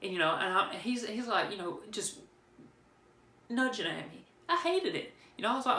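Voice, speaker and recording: A man's voice: sits high, big pitch swings, moderate pace, bright, forceful tone. Man, casual storytelling, rambling and joking, roomy echoey room. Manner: rambling, joking, with frequent restarts. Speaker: vlogger telling a personal story. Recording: roomy echo.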